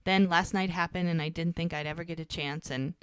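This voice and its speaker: Woman podcast co-host, lowish voice, dry close sound, chatty scene retelling with quoted dialogue. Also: steady tone, fairly quick, clear, resonant tone, dry recording. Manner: retells scenes quoting characters in lightly acted voices. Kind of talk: casual recap of a TV episode.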